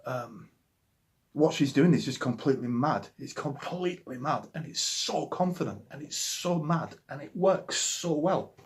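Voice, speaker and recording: His voice is a little high, his intonation lively, and his delivery unhurried. A musician guest in his forties with a Yorkshire accent, he talks casually and with enthusiasm about formative records, rambling and restarting frequently.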